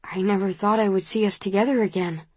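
A woman's voice: medium pitch, fairly even intonation, quick pace, slightly rough, no echo, close to an everyday voice. A woman reading an earnest young brother.

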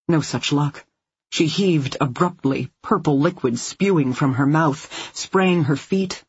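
Breathy, tense thriller narrator. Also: mid-range voice, dry recording. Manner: tense, measured storytelling. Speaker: audiobook narrator. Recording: dull lo-fi recording.

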